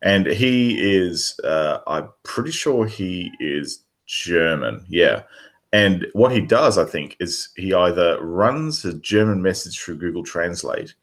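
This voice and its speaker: A man's voice: sits low, lively intonation, slow pace. An Australian man in easygoing casual chat, joking and chiming in on a podcast.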